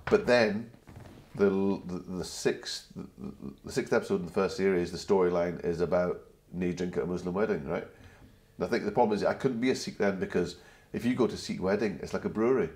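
Deep-voiced man with a soft Glasgow accent. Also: fairly quick. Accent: gentle Glasgow, slightly anglicised. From Glasgow, Scotland. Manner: chatty anecdotal storyteller. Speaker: guest. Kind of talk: casual interview chat.

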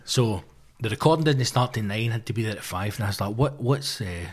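A man in his thirties with a Glaswegian accent, a comedian swearing his way through an animated anecdote in casual podcast chat. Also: fairly low pitch, fast, breathy edge. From Scotland. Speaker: stand-up comedian guest.

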